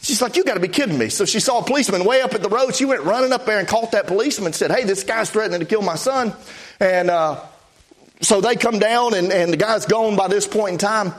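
A man with a notably high voice preaches from the pulpit. He tells a testimony story in a folksy, plainspoken way, stacking up "I said" asides. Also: fast. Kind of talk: storytelling sermon.

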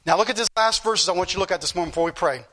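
A male preacher with a high, bright voice delivers an earnest sermon. He keeps returning to the same points and reads scripture aloud before explaining it to the congregation. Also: rapid-fire.

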